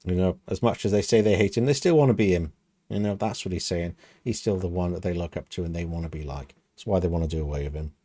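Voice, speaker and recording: A man's voice: low voice, fast talker, dark tone, no room sound. A British man from the UK hosting a reaction video, chatting casually and thinking aloud with lots of "you know.". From United Kingdom.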